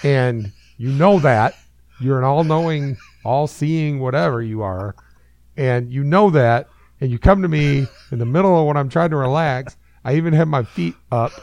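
Gravelly joking podcast man. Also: mid-range voice, moderate pace, darkish tone, no echo. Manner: joking, profane, riffs on bits. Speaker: podcast co-host. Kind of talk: casual comedic chat.

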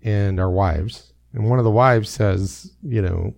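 Gravelly man telling stories. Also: on the low side, measured pace, darkish tone, no echo. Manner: laid-back storytelling, laughing often. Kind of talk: casual chat.

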